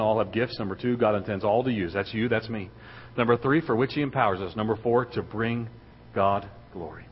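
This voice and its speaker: A man giving a sermon as a guest speaker in a church, telling a story and building to loud, excited preaching. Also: fairly low pitch, slight background noise. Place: church sanctuary. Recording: dull recording in a reverberant hall.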